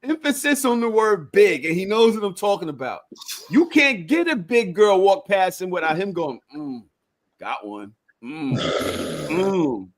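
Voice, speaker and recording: Teasing guy on a podcast, kinda high voice, gets loud and animated. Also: moderate pace. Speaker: podcast co-host. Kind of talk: casual chat.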